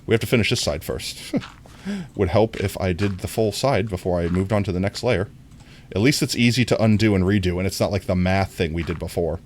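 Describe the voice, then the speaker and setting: A young man chatting casually on a gaming livestream, rambling and correcting himself, and getting excited when he greets viewers. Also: sits low, a little fast, slight background noise. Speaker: streamer.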